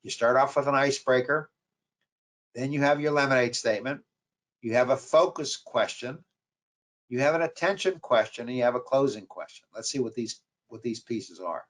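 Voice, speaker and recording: A man's voice: mid-range voice, normal speed, fairly bright tone. A man with a New York accent giving a webinar lecture on sales calls, repeating key points with emphasis. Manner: repetitive, emphatic coaching delivery. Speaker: marketing professor.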